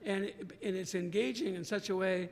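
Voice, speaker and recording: An American man hosting a podcast interview, effusive and halting, often restarting his sentences. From United States. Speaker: podcast host. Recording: reverberant room with faint rumble.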